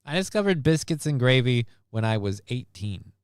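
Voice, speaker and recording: A man hosting a live stream who wanders off into sarcastic, rambling asides about the news. His voice is smooth and clean, and he sits close to the mic in a completely dead, dry space with no room sound. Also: medium pitch, big pitch swings, normal speed, no echo. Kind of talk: casual news commentary.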